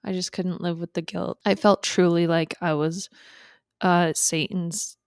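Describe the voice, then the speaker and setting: Low gravelly woman, reflective storytelling. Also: fairly even intonation, no echo, clean studio sound. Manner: reflective, halting, with restarts. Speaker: podcast guest. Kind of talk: candid conversational storytelling.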